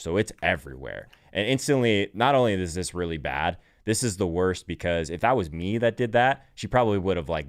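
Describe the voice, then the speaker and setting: A man's voice: deep voice, no room sound, studio quality. A man co-hosting a casual podcast chat, telling stories with exasperated, joking complaints. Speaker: co-host.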